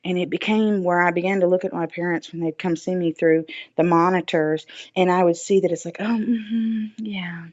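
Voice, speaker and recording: A woman's voice: on the low side, little pitch movement, fairly quick, a little mellow, muffled recording. A woman guest on a podcast, telling her personal testimony earnestly, with many fillers and restarts.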